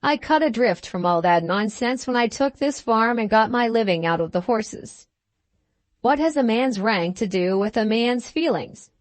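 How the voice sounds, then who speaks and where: A woman reading the part of a blunt, plain-spoken gentleman farmer in an audiobook, with an earnest, emphatic manner. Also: on the high side, animated, moderate pace, no echo, close to an everyday voice.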